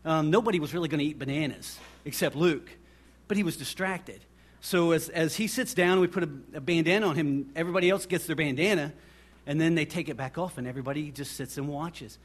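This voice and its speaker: Animated male preacher telling stories. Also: fairly high pitch, fairly quick. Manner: storytelling, animated, acts out quoted voices. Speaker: pastor. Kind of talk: sermon.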